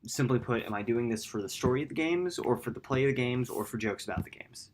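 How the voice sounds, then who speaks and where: A man's voice: fast, noisy background. A man hosting a gaming channel, talking through his upload plans in a rambling, self-correcting late-night vlog. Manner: quiet, low-key.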